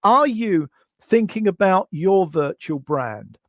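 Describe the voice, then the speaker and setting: Guy presenting a work webinar on his computer mic, kinda high voice, goes firstly secondly thirdly. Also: expressive, slow pace, no room sound. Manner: structured, rhetorical questions to the audience.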